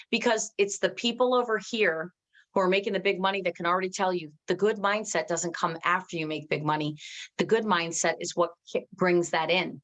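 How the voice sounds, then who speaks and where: A woman giving an emphatic motivational training talk to her team, talking quickly and restarting often. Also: fairly low pitch. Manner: energetic, emphatic, reads out viewers' comments.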